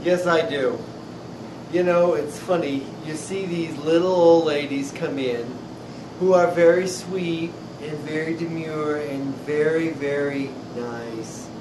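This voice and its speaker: A man who owns a deli, telling funny stories about his customers in an animated way. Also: fairly high pitch, slow pace, distant mic. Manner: animated storyteller acting out customers. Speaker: deli owner. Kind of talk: storytelling. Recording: roomy echo with clear noise.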